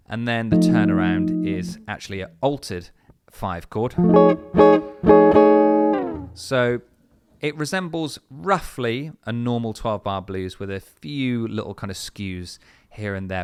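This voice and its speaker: A man with a lowish, clear, resonant voice teaches a guitar lesson step by step, explaining patiently with frequent fillers. Between phrases, he plays his guitar.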